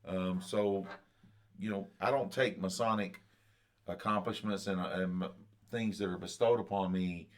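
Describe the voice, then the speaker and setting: Podcast co-host, man, very low voice, halting delivery. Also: steady tone. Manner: halting, many fillers and restarts. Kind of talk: casual chat.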